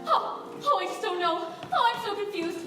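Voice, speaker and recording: A teenage girl playing a glamorous, showy young bride with bright theatrical delivery in a school musical. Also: very high voice, sing-song, moderate pace, over music. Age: teens. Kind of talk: stage musical acting. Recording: echoey hall taped from far off, noisy.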